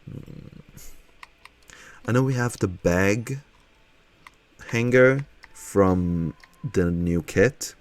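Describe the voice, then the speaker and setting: Chatty low-voiced man thinking aloud. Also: drawn-out words, pauses often. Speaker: streamer. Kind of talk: casual live-stream chat while building in a game.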